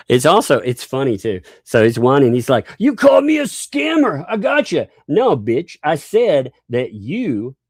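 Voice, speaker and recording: A man's voice: medium pitch, a little mellow, no echo, studio quality. A man hosting a livestream, ranting in a combative, mocking way and swearing freely. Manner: combative, mocking, swears, laughs between lines. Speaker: livestream host.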